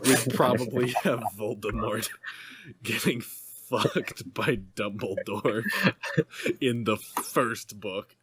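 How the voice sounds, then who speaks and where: A man cohosting a comedy podcast, trading jokes and reading a gruff giant's lines. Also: lowish voice, fairly even intonation, slow pace, a bit bright, no room sound. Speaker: podcast co-host reading the part of Hagrid.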